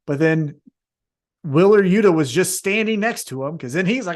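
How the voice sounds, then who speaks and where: A man's voice: high-pitched, expressive, normal speed. A man co-hosting a casual podcast, talking animatedly, swearing freely and acting out wrestlers in jumpy voices. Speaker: podcast co-host.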